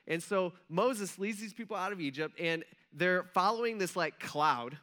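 A male pastor with a high-pitched, bright, forceful voice tells a story from the pulpit. His delivery is loose and chatty, and he slips into quick acted-out lines of dialogue. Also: smooth. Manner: conversational, chatty, acts out quotes, frequent "like". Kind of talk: casual storytelling sermon.

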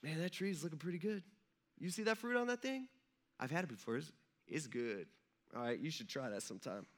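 A man's voice: huge pitch swings, a little fast, vocal fry, sharp tone, heavily acted. A man playing a sly male tempter who casually coaxes someone to take a bite. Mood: coaxing. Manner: coaxing, casual, low-key.

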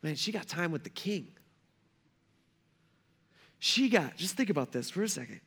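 A man preaching a sermon as a pastor, speaking in a relaxed, slangy way and acting out the characters of the story in everyday talk. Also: a little high, moderate pace, gravelly, husky. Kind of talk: casual conversational sermon.

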